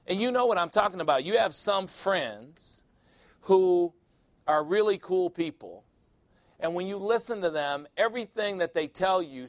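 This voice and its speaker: A man's voice: high voice, no room sound. Blunt older male preacher. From Chicago. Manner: storytelling, blunt and wry, acts out quotes. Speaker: pastor. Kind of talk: sermon.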